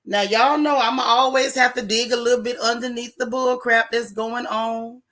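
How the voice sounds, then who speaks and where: A woman with a slightly high, fairly bright voice speaks at a normal speed with fairly even intonation. She's hosting a casual live stream, greeting viewers and chatting sassily about a reality show.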